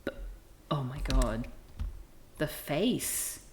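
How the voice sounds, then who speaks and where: Woman streamer reading comics, low voice, slow and wry, swings up and down a lot. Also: lively intonation, a little mellow, slight background noise. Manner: wry, amused, self-deprecating asides.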